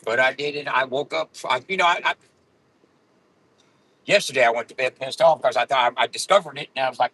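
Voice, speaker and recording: A man's voice: mid-range voice, brisk, sharp tone, low-quality recording. Angry swearing man ranting in a car. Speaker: vlogger. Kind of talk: profane ranting vlog.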